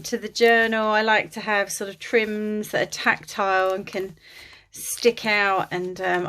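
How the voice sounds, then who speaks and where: A woman's voice: medium pitch, a bit bright. A woman vlogging about her crafts, chatty and apologetic with many ums, tired and a bit out of breath, filmed on a phone at home. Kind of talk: casual chat to camera. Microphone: phone on a holder.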